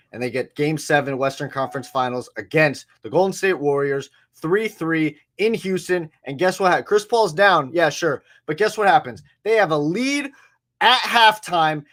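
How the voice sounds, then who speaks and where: A man's voice: sits high, fairly bright tone. A man co-hosting a sports podcast, talking casually and animatedly, acting out quotes and swearing freely. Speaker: podcast co-host.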